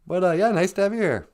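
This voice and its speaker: A playful man hosts a casual live stream. His pitch swings widely as he chats, chuckles and greets viewers one by one. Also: darkish tone. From north central Minnesota. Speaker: host.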